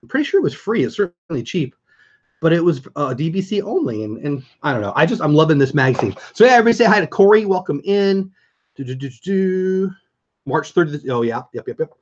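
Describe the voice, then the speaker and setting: A man's voice: fairly high pitch, very animated, quick pace, muffled recording. A man hosting a casual livestream, chatting enthusiastically and greeting viewers by name as he talks.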